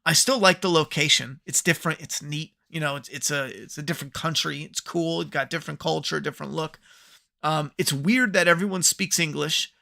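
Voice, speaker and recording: Brief: male reviewer, sarcastic and profane, slightly high, gravelly. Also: fairly quick, pushed and bright. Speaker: podcast host. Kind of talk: ranting TV review.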